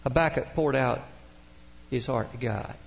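A man's voice: medium pitch, unhurried, creaky. A man preaching a sermon as pastor, with dramatic swells and drops and emphatic quotations.

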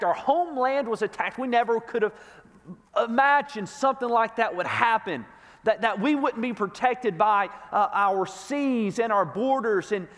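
A man with a very high voice delivers a sermon as pastor, retelling a scripture story with emphasis. He often stumbles and restarts his phrases as he presses his point. His voice rings through the long echo of a large hall. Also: fairly bright tone.

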